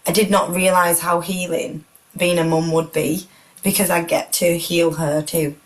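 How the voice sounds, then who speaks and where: A woman's voice: lowish voice, little pitch movement, measured pace, rough recording. A woman, emotional and close to tears, talking earnestly and reflectively as a guest in a heartfelt conversation.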